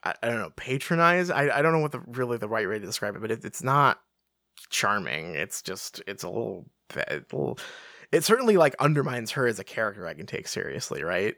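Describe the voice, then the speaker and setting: A podcast co-host in casual book-discussion chat, rambling and animated, full of fillers. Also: mid-range voice, brisk, dry recording, studio quality. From England.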